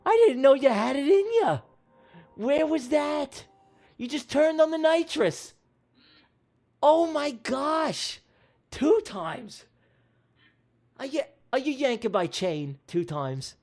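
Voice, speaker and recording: A man hosting a livestream, calling comic races like an excitable sports commentator, jumping from mock-serious to shouting names. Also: very high-pitched, takes it slowly, long pauses. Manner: excitable, jokey race-caller, shouting names. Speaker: livestream host running giveaway races.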